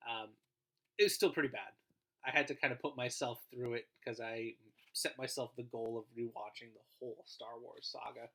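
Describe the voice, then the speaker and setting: A man's voice: mid-range voice, steady tone, normal speed, sharp tone. A man giving a recorded grammar lesson as a guest teacher, explaining in an informal way and trailing off at the ends of phrases.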